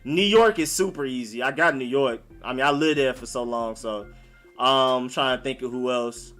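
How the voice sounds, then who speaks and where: Soft music plays behind a young man hosting a laid-back live stream, where he answers viewers conversationally with plenty of slang, "like," and "y'all." Born in Maryland and raised in Atlanta, he has a mid-range, fairly bright voice at a normal speed.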